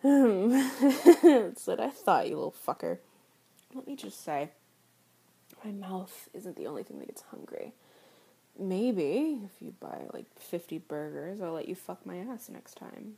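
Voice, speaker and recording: A woman performing an adult audio role-play, teasing and sarcastic, often slipping into soft whispers. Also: medium pitch, very animated, unhurried, gravelly, husky.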